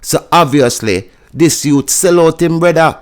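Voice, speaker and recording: A man's voice: on the high side, measured pace, clean tone. A man with a Jamaican accent giving a chatty news review, mixing patois into standard English. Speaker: news commentator.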